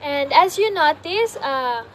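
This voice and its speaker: A young woman presenting a class report, explaining carefully and haltingly, with frequent pauses and fillers. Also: high-pitched, lively intonation, a little hiss or hum. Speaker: student presenter.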